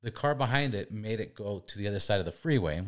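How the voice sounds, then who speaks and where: A man's voice: fairly low pitch, expressive, fast. A man hosting a casual chat, telling stories animatedly with swearing and acted-out quotes. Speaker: podcast host.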